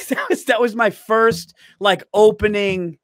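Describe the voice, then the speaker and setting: A man's voice: sits high, takes it slowly, a bit bright, dry recording, clean studio sound. A male comedian in casual podcast chat, telling rambling stories and laughing at his own old jokes. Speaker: stand-up comedian.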